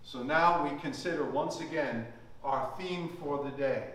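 Echoey preacher man, high voice. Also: fairly bright tone. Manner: emphatic, slows to stress key words. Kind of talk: sermon. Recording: very echoey, from far off the mic.

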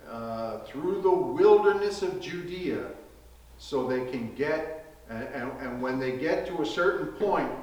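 A man teaching a Bible study casually, in a slow, conversational way with frequent asides asking "right?". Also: mid-range voice. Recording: echoey room, heard from a distance.

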